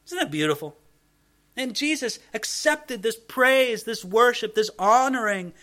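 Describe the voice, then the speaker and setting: A middle-aged male pastor preaching a sermon, reading scripture aloud and explaining it in an animated way. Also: sits high, normal speed.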